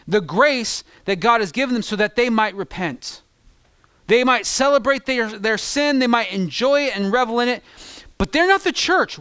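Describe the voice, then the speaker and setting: A man's voice: sits high, dry recording. Impassioned male pastor preaching. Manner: impassioned, swinging from loud peaks to hushed, confessional asides. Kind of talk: sermon.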